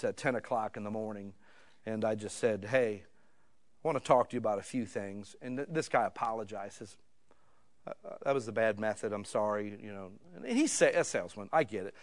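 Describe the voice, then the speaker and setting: A middle-aged man from the United States, a pastor telling a personal story in a sermon, talking conversationally and shifting from quiet asides to loud, heated stretches. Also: medium pitch.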